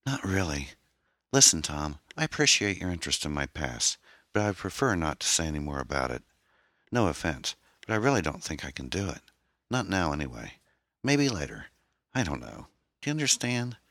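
A man voicing a troubled young woman, an orphan who talks in a hesitant, halting, pained way. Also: rumbling low, very animated, a bit bright, no room sound, studio quality, pitched above the performer's own voice, heavily acted. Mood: guarded, pained.

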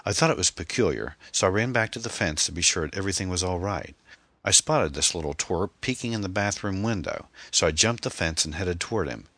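A harsh, scornful middle-aged man, rough and angry, as a male narrator plays him. His voice is very deep, with a bright edge. The sound is close and dry. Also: animated, fairly quick, no echo.

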